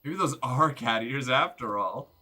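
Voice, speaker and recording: A man streaming a game, giving excitable, joking commentary with crude humor. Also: mid-range voice, a little slow. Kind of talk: gameplay commentary.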